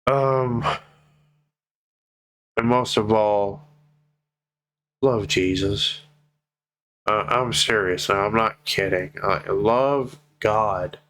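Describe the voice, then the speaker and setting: A man with a very deep, low voice talks straight to his viewers in a personal vlog. He sounds tearful and heartfelt, swearing freely as he slows down to press each plea home. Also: a bit bright, poor audio. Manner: heartfelt, swears freely, slow pleading emphasis. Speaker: vlogger.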